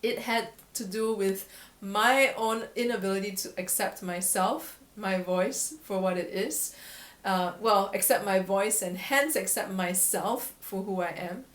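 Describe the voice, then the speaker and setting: A woman's voice: mid-range voice, a little slow. Reflective woman voice coach, roomy sound. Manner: reflective, candid, laughs at herself often. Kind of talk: casual vlog talk to camera. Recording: echoey room.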